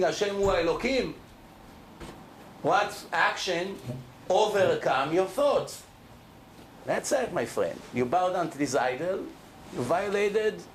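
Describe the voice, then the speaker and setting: Before a live crowd, a middle-aged rabbi gives an energetic Torah talk, pressing his points hard and tossing questions to the audience. The man's voice sits high, and there's a faint hiss or hum.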